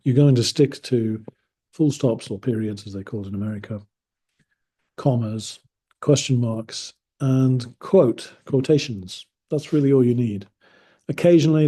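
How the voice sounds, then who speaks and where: A man from England talks through an English lesson in a casual, meandering way, often stopping to correct himself. His voice is mellow and a little husky, and his humor stays dry. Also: mid-range voice. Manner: rambling, self-correcting, dryly amused. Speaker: English teacher.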